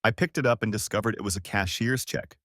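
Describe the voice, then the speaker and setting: A man voicing a soft-spoken middle-aged wife in an audiobook story, narrating and pleading in a gentle manner. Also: on the low side, quick pace, no room sound, studio quality, close to an everyday voice.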